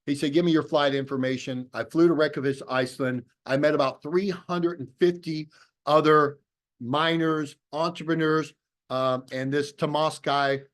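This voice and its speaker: Here the presenter's voice sits on the high side, with a steady tone and a moderate pace. He's a man pitching a business opportunity, giving a motivational video-call talk and narrating a story in which he voices both sides of remembered exchanges.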